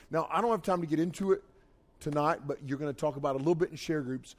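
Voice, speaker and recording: A man's voice: fairly high pitch, racing. A middle-aged man, preaching a folksy youth sermon. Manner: folksy storytelling, rises and drops in loudness. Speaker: youth pastor.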